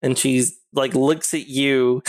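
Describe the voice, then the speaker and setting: A man's voice: medium pitch, steady tone, takes it slowly. A man narrating a tabletop game as game master, rambling with lots of "like" and frequent giggles. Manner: giggly, rambling with many likes.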